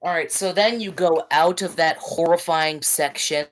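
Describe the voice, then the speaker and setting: Animated woman with a low voice. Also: moderate pace, a little hiss or hum. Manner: animated, swearing, acts out game characters, laughs often. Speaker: podcast co-host. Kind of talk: casual game review chat.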